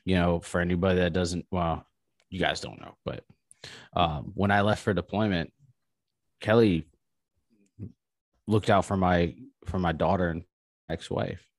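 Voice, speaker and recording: A man with a very low voice talks candidly on a podcast, stopping and restarting his sentences and swearing freely. The sound is close and dry, with no room echo. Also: fairly even intonation. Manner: halting, restarts often, frank and swearing. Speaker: interview guest, army veteran.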